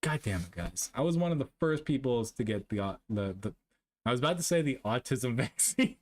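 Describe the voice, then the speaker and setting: In a casual livestream, a Canadian man reads chat and rants about vaccines, exasperated and profane. He swings between loud outbursts and low muttering, talking expressively and fairly quickly.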